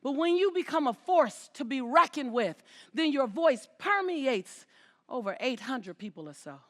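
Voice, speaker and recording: Woman, motivational speaker, high and bright, punchy and repetitive, talking to a live crowd. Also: sing-song, unhurried. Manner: emphatic, repeats phrases, calls out to the audience. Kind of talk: inspirational stage talk. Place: stage before a live audience.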